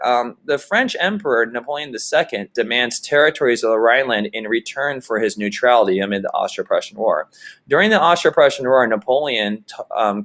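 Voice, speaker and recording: A man's voice: mid-range voice, a bit bright. Chatty male history teacher. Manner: chatty, loose explaining with fillers and restarts. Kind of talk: casual classroom lecture.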